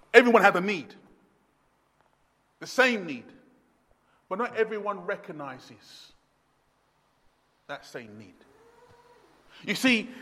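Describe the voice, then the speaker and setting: A man preaches with a strikingly high voice, pressing his points hard and swinging between quiet and loud. His words ring through the long echo of a church hall. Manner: emphatic preaching, swinging from hushed to shouting. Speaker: pastor. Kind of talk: sermon. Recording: long echoey reverb of a hall.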